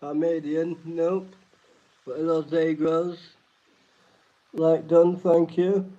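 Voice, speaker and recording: A man's voice: a little high, flat delivery, slow pace, dark tone. A man hosting a live-stream trivia night, reading each question twice and greeting chat viewers by name. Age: adult. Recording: dull lo-fi stream audio.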